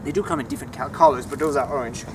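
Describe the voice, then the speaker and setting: A man's voice: medium pitch, very fast, crowd noise. Chatty man teaching outdoors. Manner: relaxed, chatty, easily enthused. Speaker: language teacher giving a garden tour. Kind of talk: casual outdoor teaching of French words. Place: home vegetable garden outdoors.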